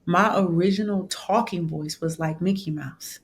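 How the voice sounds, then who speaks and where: A woman's voice: a little slow, slight background noise. A woman in her thirties from Michigan, a gospel singer telling a story as an interview guest and acting out the people she quotes. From Saginaw, Michigan, USA. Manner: lively storyteller who acts out the people she quotes in high voices. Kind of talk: animated storytelling in conversation.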